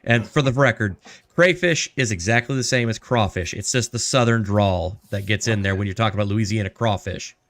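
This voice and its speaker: A man's voice: fairly low pitch, a little fast, a bit bright. A man chatting on a group livestream call, easygoing and explanatory. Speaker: guest on a livestream chat. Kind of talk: casual group call chat.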